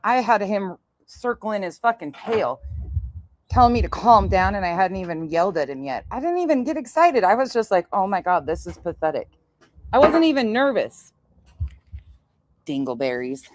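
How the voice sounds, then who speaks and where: A woman's voice: medium pitch, very animated, normal speed, a little hiss or hum. A woman hosting a casual livestream, brash and sarcastic, swearing often and laughing at her own stories. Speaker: streamer host. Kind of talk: casual profane livestream chat.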